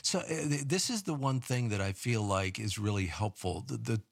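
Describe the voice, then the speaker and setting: A man's voice: fairly low pitch, expressive, moderate pace, creaky, husky, no room sound, studio quality. A man hosting a casual faith-based interview, asking curious questions and affirming his guest. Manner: inquisitive, affirming. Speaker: host.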